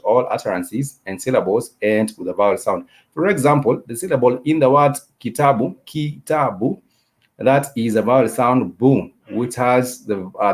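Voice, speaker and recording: A man teaching a live-streamed language class, explaining at length with many fillers and repeating words slowly letter by letter. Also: fairly low pitch, a little mellow. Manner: repetitive, explanatory, many "uh" and "you know" fillers. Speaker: Swahili teacher.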